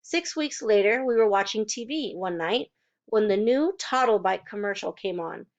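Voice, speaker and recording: A woman reading a children's novel aloud in a steady, plain storytelling voice. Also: mid-range voice, normal speed. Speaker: reader. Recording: dull lo-fi recording.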